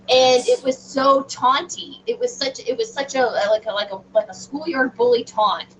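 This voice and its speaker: A middle-aged woman, an interview guest telling a personal story in an animated, emphatic way with frequent restarts. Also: on the high side, moderate pace. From Southern United States. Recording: distant, dull remote audio with faint noise.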